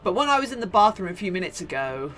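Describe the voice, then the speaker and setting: Lively, bright-voiced British woman streamer. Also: fairly low pitch, quick pace, slight background noise. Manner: playful, mock-dramatic, chatty. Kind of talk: live stream chat with viewers while crafting.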